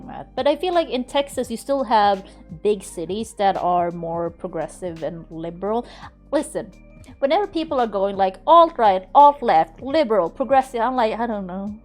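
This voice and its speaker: A woman's voice: mid-range voice, darkish tone. A woman from Sweden with a faint Swedish accent under American-sounding English, chatting casually on a live game stream, laughing often and swearing freely. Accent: faint Swedish under an American-learned English. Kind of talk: casual live-stream chat while gaming.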